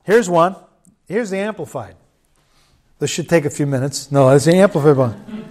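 A man's voice: fairly high pitch, animated, normal speed. A man preaching a sermon in church, conversational and joking with the congregation. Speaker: pastor.

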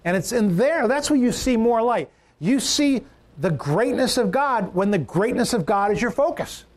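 A male pastor with a notably high voice delivers a sermon. He talks emphatically and repeats his key lines, letting his pitch rise and drop to drive each point home. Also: expressive, moderate pace.

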